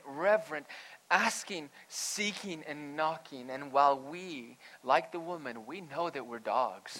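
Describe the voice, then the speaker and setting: Bright-voiced man preaching with swings. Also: medium pitch, rough recording. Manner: dramatic, swings from hushed to loud and emphatic. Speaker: pastor. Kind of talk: sermon.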